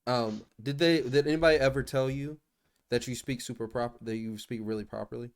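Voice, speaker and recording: Podcast co-host, male, mid-pitched, teasing, asks pointed questions. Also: fairly quick. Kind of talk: casual podcast chat.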